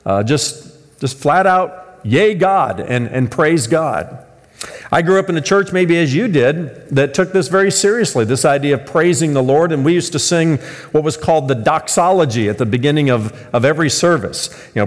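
Man, American, preaching, animated storytelling, long hall echo. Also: fairly high pitch, normal speed. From United States. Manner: storytelling, animated with shouted punchlines. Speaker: pastor. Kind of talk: sermon.

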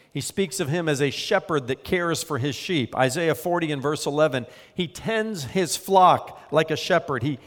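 A man, a pastor preaching a sermon in measured tones, slowing down as he reads scripture aloud. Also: on the high side. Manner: measured preaching, slows to read scripture quotes. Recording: long hall reverb.

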